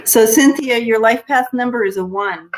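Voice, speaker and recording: A woman's voice: on the high side, moderate pace, rough recording. A woman co-hosting a live stream, giving loose, hesitant tarot readings with many fillers. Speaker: co-host and tarot card reader.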